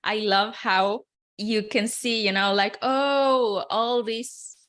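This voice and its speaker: A woman's voice: medium pitch, fairly even intonation, takes it slowly, a bit bright. A woman co-hosting a podcast, reflecting eagerly in casual chat. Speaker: podcast co-host.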